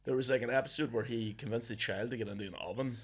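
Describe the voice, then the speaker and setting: A young man with a Northern Irish accent, a comedian guest in casual, animated chat who keeps slipping into silly voices. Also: medium pitch, fast, breathy edge. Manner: animated, jumps into silly voices, says "lad".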